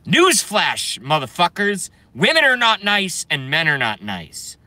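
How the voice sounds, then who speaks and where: A brash young man ranting on a live stream, swearing freely and rambling between viewer comments. His voice is bright and forceful, and it sounds dry and close. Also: sits high, huge pitch swings, unhurried, no room sound.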